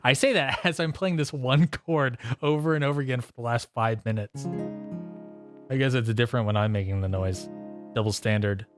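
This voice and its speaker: A man with a mid-range voice and moderate pace streams himself writing songs, chatting loosely over guitar. He rambles, interrupts himself and laughs frequently.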